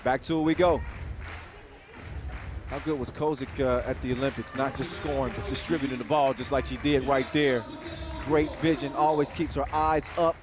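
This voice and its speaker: A man calling a basketball game live, quick and jokey, with excited bursts on big plays. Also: mid-range voice. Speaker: play-by-play commentator. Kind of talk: live sports commentary. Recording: commentary over loud arena music and crowd.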